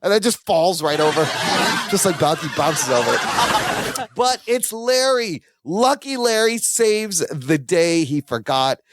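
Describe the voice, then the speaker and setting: A man co-hosting a rewatch podcast, recapping sitcom scenes with animated storytelling. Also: high-pitched, slow pace, heavy background noise. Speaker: podcast co-host. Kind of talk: casual rewatch recap chat.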